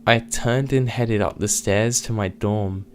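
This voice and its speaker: A man with a lowish voice reads a scary story aloud. His narration is steady and scripted, unhurried in the way a horror storyteller paces a tale. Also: slight background noise.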